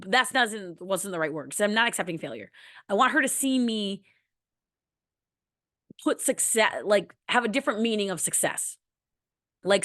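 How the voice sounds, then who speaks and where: A woman's voice: medium pitch, fairly bright tone, no room sound, clean studio sound. A woman in her thirties hosting a podcast, talking candidly and emotionally in a personal monologue and swearing casually. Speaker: podcast host.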